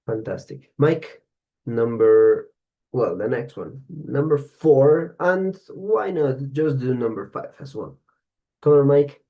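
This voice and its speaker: A man's voice: mid-range voice, expressive, slow pace, phone-quality sound. A man teaching an online English class, giving praise and repeating words for students to copy.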